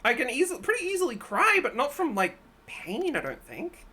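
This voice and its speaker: Blunt, animated woman streamer. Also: high-pitched, a little fast, breathy edge. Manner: blunt, profane, animated and laughing. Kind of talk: casual live-stream commentary.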